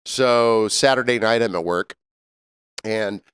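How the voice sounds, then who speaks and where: A man, co-hosting a podcast and telling an animated, laughing story from his bartending job. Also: lowish voice, takes it slowly, clean tone. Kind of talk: casual storytelling chat.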